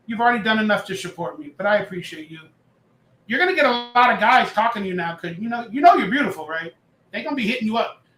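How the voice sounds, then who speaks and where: A bright, high-voiced man hosting a loose live stream, chatting and reading viewer comments aloud. His voice rings out in an echoey room, relaxed and rambling. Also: fast talker, a little hiss or hum. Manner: chatty, reads chat aloud, jokes and rambles. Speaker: livestream host. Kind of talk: casual live-stream chat.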